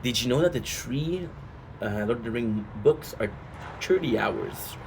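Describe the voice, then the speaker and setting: A man's voice: medium pitch, lively intonation, a little slow, creaky, a little hiss or hum. A man streaming and chatting casually, rambling and asking his chat rhetorical questions. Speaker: gaming streamer.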